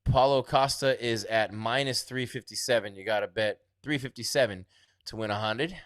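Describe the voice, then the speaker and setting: A man with a lowish voice hosts a casual live stream at a normal speed, reading viewer comments aloud and chatting about an upcoming fight. He's chatty and tends to trail off quietly. The studio sound is clean, with no room sound.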